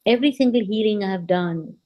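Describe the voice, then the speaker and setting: A middle-aged woman from India, a guest on a video-call interview, telling her story in a casual, animated way and acting out what people said. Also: medium pitch, a little fast, dull audio. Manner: animated, re-enacts quoted dialogue with "I'm like".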